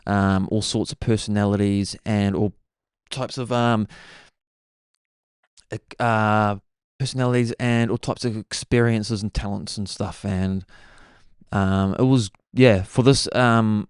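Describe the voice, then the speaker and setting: A young man with a New Zealand accent, hosting a podcast and telling stories in an excitable, casual way. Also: fairly low pitch, a little slow, smooth, no room sound, studio quality. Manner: excitable, says "bro" constantly. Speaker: podcast host. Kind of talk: casual storytelling chat.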